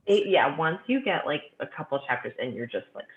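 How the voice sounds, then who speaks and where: A woman's voice: sits low, expressive, brisk, echoey room, a little hiss or hum. Gushing woman over a tinny phone line. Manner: gushing, enthusiastic, lots of fillers. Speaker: guest author. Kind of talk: casual chat about books.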